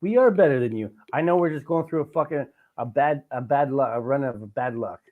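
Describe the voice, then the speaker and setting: A young man, hosting a podcast and talking excitedly about sports, swearing often. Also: mid-range voice, a little fast, narrow, tinny audio. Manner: excited, swears a lot, passionate sports fan. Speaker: podcast host. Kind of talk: casual chat.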